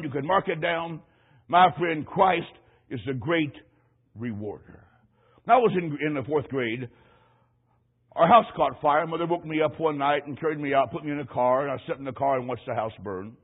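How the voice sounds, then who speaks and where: Husky-voiced male preacher, tinny sound. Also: high-pitched. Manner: emphatic, repeats phrases, addresses listeners as "my friend". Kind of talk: sermon with personal storytelling. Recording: tinny, phone-like narrow sound.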